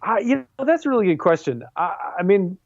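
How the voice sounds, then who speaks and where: A man's voice: sits high, sing-song, fast talker, no echo, highs cut off. A man in his forties, a comic book artist and writer guesting on an interview show, talking casually with many fillers and restarts. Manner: rambling, self-deprecating, many fillers and restarts.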